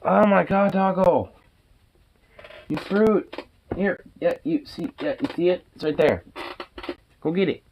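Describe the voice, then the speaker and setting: A man's voice: high voice, a little slow, long pauses, darkish tone, slight background noise, low-quality recording. A man talking casually to his pet dog, teasing and exasperated, swearing freely. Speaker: dog owner.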